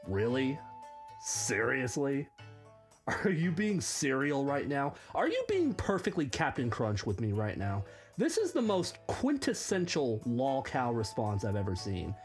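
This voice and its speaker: A man's voice: mid-range voice, huge pitch swings, unhurried, darkish tone, faint music behind. A man hosting reaction commentary, sarcastic and mocking. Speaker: commentary host.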